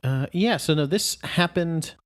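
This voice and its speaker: A man in his thirties on a podcast who throws in dry wisecracks and quick asides. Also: a little high. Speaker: podcast judge. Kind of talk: casual podcast banter.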